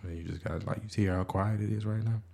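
Male podcast host, very low voice, rambling, stammering, self-deprecating. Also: fairly even intonation, fast, creaky, dark tone. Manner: rambling, stammering restarts, frequent swearing. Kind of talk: casual podcast monologue.

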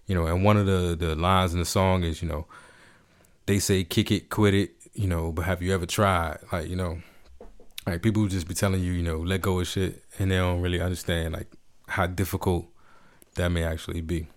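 A man from Washington, D.C. telling a story in casual, laid-back chat, profane and animated. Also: low voice, brisk.

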